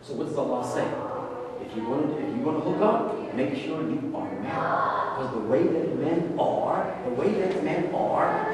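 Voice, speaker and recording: In a very echoey, noisy hall, captured from far off the mic, a man lectures a religious class. His fairly high voice is expressive and moderately paced, and his style is casual and conversational, full of repeated key phrases and rhetorical questions.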